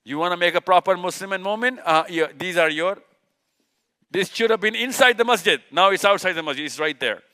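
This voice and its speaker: A man's voice: high-pitched, brisk, pushed and bright, clear, resonant tone. Emphatic man lecturing a live audience. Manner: rhetorical questions, answered himself; emphatic, repeats key words. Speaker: speaker. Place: event hall.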